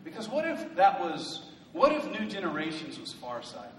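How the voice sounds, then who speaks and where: A male pastor preaching a sermon in a church, swelling into loud emphatic bursts and joking asides. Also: high voice, wildly swooping pitch, moderate pace, a little hiss or hum. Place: church sanctuary. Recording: echoey hall from a distant mic.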